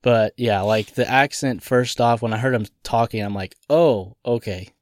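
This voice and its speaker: A man co-hosting a podcast who chats casually about a movie, animated and laughing often in disbelief. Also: medium pitch, moderate pace. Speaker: podcast co-host. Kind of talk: casual movie review chat.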